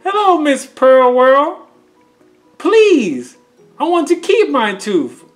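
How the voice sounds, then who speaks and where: Eager little girl, as a man puts her on, pleading, lilting voice, slow storybook reading, faint music behind. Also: very high voice, wildly swooping pitch, voice pushed up, exaggerated voice.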